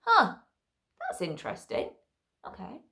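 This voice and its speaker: A woman's voice: medium pitch, wildly swooping pitch, measured pace, vocal fry, sharp tone, exaggerated voice. A woman voicing a curious, musing puppy. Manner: musing, chatty inner voice. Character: curious, cheerful puppy thinking aloud.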